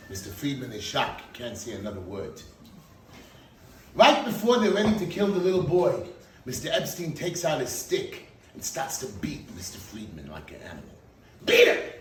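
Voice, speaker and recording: A man giving a speech at a party, telling a dramatic story with an animated delivery. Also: medium pitch, a little hiss or hum. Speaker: speaker at a party. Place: event hall. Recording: echoey hall, mic from far off.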